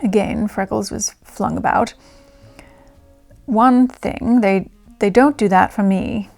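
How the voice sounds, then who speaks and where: A woman voicing a young English art student from the 1920s, reading her diary aloud in a put-on English accent with her voice pitched lower. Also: slow, creaky, a little mellow, soft background music. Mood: lively.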